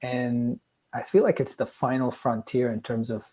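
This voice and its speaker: A man's voice: mid-range voice, flat delivery, moderate pace, mellow, husky. A man hosting an interview, speaking reflectively in short thoughtful phrases. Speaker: interview host. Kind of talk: conversational interview.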